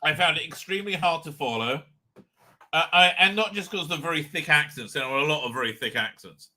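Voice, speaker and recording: A man hosting a live reaction review, rambling and profane, with stop-start sentences and sudden loud outbursts. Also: fairly high pitch, lively intonation, a little fast. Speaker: show host and reviewer.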